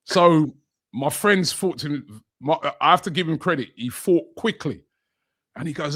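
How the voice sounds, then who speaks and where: A man with a higher voice, speaking at normal speed, co-hosts a podcast and tells a funny fan story in casual chat. He's an animated storyteller who puts on voices for the fans he quotes.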